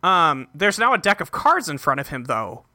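Bright, dry-sounding joking man. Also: a little high, very animated, moderate pace, no room sound. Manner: profane, joking, rambling with fillers. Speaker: podcast co-host. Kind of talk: casual episode recap chat.

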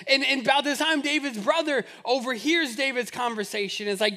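A male pastor delivers a sermon, joking in a chatty way before building to fervent, repeated appeals. His voice is very high for a man, with a bright and forceful tone. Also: lively intonation, a little fast, hardly any pauses, big-room sound. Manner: conversational, humorous, building to fervent repetition.

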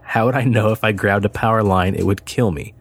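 Husky and on the low side, this man talks fairly quickly as he reads a listener's story on his paranormal podcast. Afterward he trades jokes with his co-host, swearing casually and laughing a lot.

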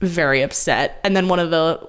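A woman co-hosting a casual podcast, recapping a TV episode in an animated way and laughing often. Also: deep voice, brisk, smooth. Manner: animated, laughing, acts out character lines. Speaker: podcast co-host.

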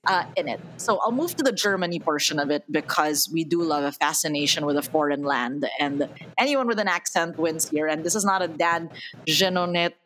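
A woman's voice: deep voice, fairly quick, background noise. A woman co-hosting a podcast, chatting casually and with strong opinions about a movie, laughing often. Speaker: podcast co-host. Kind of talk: casual movie review chat.

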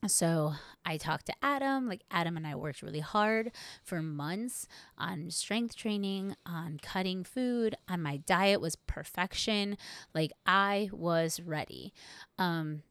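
A woman co-hosts a podcast and tells a casual, lively story with a slightly low voice. She swears freely and acts out her own past thoughts. Her voice sounds dry and close, with little room sound. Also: slow pace, clear, resonant tone, no room sound. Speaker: podcast co-host.

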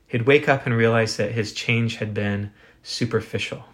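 Guy preaching a sermon, mid-pitched voice, earnest, lots of rhetorical questions. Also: fairly even intonation, fairly bright tone. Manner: earnest, builds with rhetorical questions and slow pauses. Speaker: pastor.

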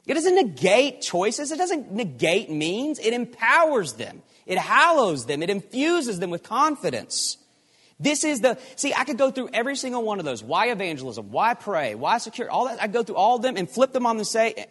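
A man preaching a sermon, emphatic and animated, firing off rhetorical questions. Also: high voice, moderate pace, slightly rough. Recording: long hall reverb.

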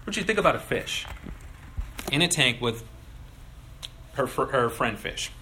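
A younger man preaching a sermon as pastor, animated and acting out little voices in his illustrations. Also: medium pitch, normal speed, slight background noise, rough recording.

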